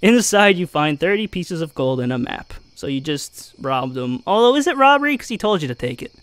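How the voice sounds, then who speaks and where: A man's voice: a little high, sing-song, fairly quick, a bit bright, no room sound. A man reading an adventure gamebook aloud as game master, with jokey asides.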